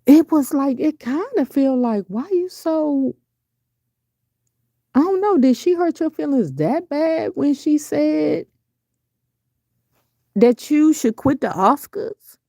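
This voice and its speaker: A middle-aged woman chats casually on a live stream, responding to viewer messages with profane honesty and plenty of rhetorical questions; her pitch jumps abruptly when she exclaims. She's animated yet slow, with a gravelly, mellow voice and long pauses. The sound is clean studio quality without echo.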